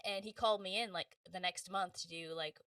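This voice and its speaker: A woman voice actress, a guest on a podcast interview, telling stories in a lively, casual way and acting out the people she quotes. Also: fairly low pitch, fairly quick, no room sound, distant mic. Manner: animated, acts out quoted voices, laughs often.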